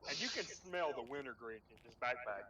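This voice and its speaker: A man's voice: medium pitch, fairly quick. A young man telling school stories in casual chat, swearing and laughing as he goes. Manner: animated, swearing, laughing through his stories. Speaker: storyteller. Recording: muffled, distant, crowded room.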